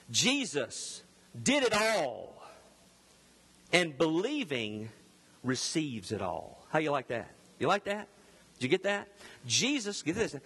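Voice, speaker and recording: A male pastor with a Southern accent from the Delta, preaching a loud and emphatic sermon. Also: on the high side, husky, big-room sound. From Mississippi Delta, US South.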